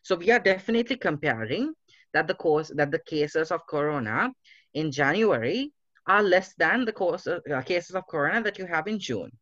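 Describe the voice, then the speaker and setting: A man teaching English in an online class, explaining slowly and reassuringly, with halting fillers over a video call. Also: a little high, lively intonation, a bit bright, no echo. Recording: muffled video-call audio.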